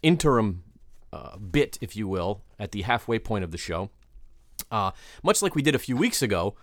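A man's voice: fairly low pitch, sing-song, moderate pace, no room sound, studio quality. A man co-hosting a podcast, telling things in a rambling, hesitant way with many fillers. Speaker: podcast co-host. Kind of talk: casual chat.

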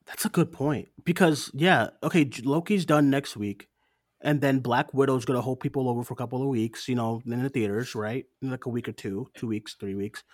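A man co-hosting a casual podcast at a mid pitch, rambling and filler-heavy with quick laughs. His voice sounds close and dry, with no room behind it. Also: no echo. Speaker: podcast co-host. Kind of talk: casual chat review.

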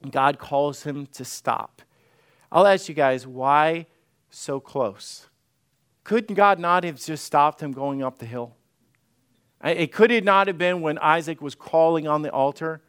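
Middle-aged pastor guy preaching, acts out the bible stories, asks the crowd stuff, smooth voice. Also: a little high, a little slow. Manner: animated, acts out Bible scenes and asks the congregation questions. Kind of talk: interactive sermon.

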